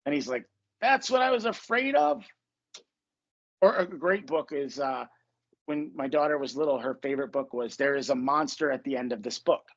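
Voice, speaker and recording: A man's voice: medium pitch, a little fast, highs cut off. A man hosting a podcast as a coach, talking casually in a blunt, emphatic way and swearing freely. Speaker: podcast host and manifestation coach.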